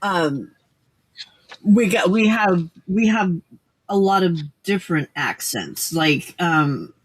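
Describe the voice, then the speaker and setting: A woman's voice: fairly low pitch, animated, takes it slowly, husky. An older woman hosting a casual late-night crafting livestream, rambling with many fillers and restarts.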